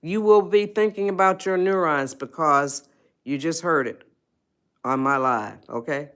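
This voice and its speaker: A woman's voice: low-pitched, unhurried, clear, resonant tone. A woman hosting a motivational live stream, coaxing and repeating herself as she talks straight to viewers in the chat. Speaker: host of a self-help live stream.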